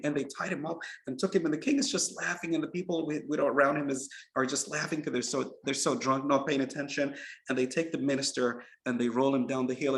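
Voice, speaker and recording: A man, an imam, telling a story in a sermon and acting out the characters. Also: a little high. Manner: animated, acts out the characters.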